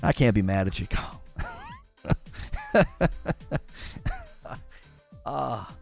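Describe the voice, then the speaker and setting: A man's voice: medium pitch, huge pitch swings, extremely slow, creaky, soft background music. A young man from Northern Ohio, a gaming streamer, chatting casually with his live chat, teasing viewers and laughing often.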